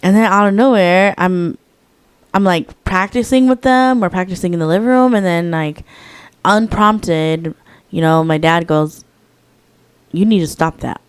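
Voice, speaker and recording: A woman's voice: on the low side, unhurried, smooth. A young woman co-hosting a casual podcast, telling stories reflectively with lots of "like" fillers. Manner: reflective storyteller, frequent "like" fillers. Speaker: podcast co-host.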